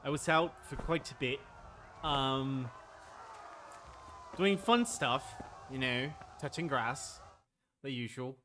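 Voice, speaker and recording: A man's voice: mid-range voice, lively intonation, slow, pauses often, sharp tone, slight background noise. A young man giving casual, flustered commentary while playing a game, with frequent exclamations. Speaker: gameplay streamer.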